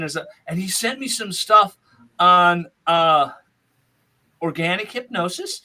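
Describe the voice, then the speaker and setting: A man's voice: high voice, lively intonation, moderate pace, sharp tone. A man hosting a podcast, chatting casually in a rambling way and laughing often. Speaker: podcast host.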